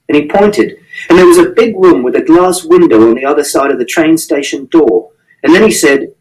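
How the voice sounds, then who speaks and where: A man's voice: on the high side, fairly quick, a little mellow. A man reading a first-person novel aloud in an earnest, literal, matter-of-fact way. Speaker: reader. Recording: distant mic.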